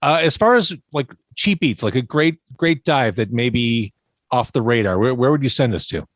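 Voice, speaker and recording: A male podcast host with a mid-pitched voice trades dry jokes with his guest. His intonation rises and falls a lot, and the recording is close with no room sound. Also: lively intonation, normal speed, dry recording. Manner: wisecracking, dry teasing asides. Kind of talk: casual interview chat.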